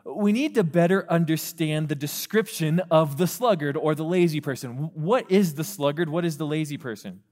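A man preaching a sermon to a youth group, animated, acting out the voices of parents and teens. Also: fairly high pitch, moderate pace, hardly any pauses. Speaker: youth pastor. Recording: long reverb of a hall.

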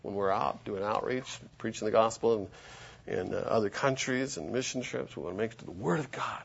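A man preaching a sermon and reading scripture aloud, emphatic and animated. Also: fairly low pitch, fairly quick, vocal fry, lo-fi sound, a little hiss or hum.

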